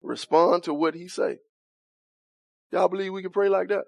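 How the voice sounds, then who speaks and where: A man's voice: high-pitched, steady tone, moderate pace, gravelly, no room sound. A man leading an interactive Bible study, asking the group questions, chuckling often and talking in a loose, informal way.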